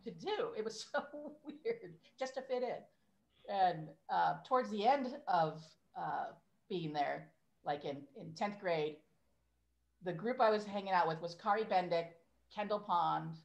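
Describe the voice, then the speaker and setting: A woman's voice: lowish voice, a little slow, gravelly, highs cut off. A woman in her fifties, a podcast guest, chatting casually and laughing at herself. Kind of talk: casual chat.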